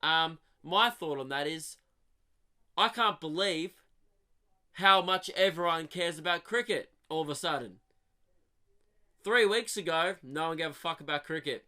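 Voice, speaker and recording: A young man from Australia, hosting a podcast with a rambling, swearing comic monologue that swings from loud rants to mutters. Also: a little high, a little slow, pauses often. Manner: swearing, animated rants with sudden drops to mutters. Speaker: comedian podcast host.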